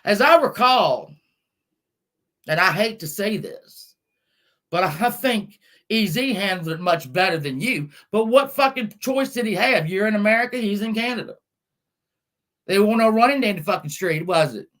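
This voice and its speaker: A woman ranting angrily on a live stream from her car, scolding and swearing, with bursts of shouting. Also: mid-range voice, expressive, normal speed. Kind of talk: angry live-stream rant.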